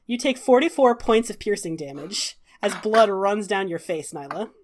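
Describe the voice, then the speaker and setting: Woman game master with lively narration. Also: medium pitch, moderate pace, slight background noise. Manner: animated narration with frequent fillers.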